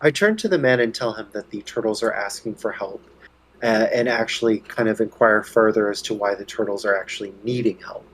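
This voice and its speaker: A man's voice: fairly low pitch, fairly quick, a little hiss or hum, low-quality recording. A man playing a bard in a tabletop game, musing and thinking aloud. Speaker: player.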